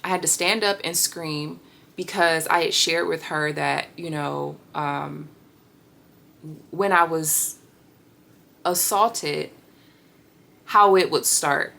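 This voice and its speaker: A woman in her thirties candidly telling a personal healing story, reflective and pausing often. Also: low voice, vocal fry, bright, forceful tone. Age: 30s. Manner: reflective, with pauses and fillers. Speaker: vlogger sharing a healing story.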